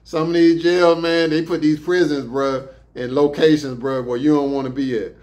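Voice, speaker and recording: A man's voice: on the high side, steady tone, moderate pace, darkish tone. A man casually telling stories about prison transport and life inside, in loose streetwise slang with plenty of swearing. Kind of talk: casual storytelling.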